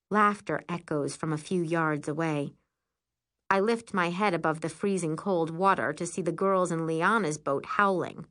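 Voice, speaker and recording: A woman narrating a first-person storybook in an expressive, lively way. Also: low voice, normal speed.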